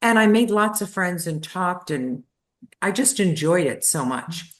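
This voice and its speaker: A woman in her seventies, a podcast guest, telling a childhood story in a lively, anecdotal way. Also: fairly low pitch, a little slow. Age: 70s. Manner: lively anecdotal storyteller, acts out voices of family.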